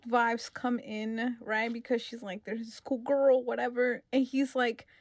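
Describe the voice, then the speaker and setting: A woman's voice: fairly high pitch, unhurried, no room sound, clean studio sound. A woman co-hosting a casual movie podcast, telling stories animatedly and acting out quotes. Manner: animated storytelling with acted-out quotes. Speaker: podcast co-host. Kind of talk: casual chat.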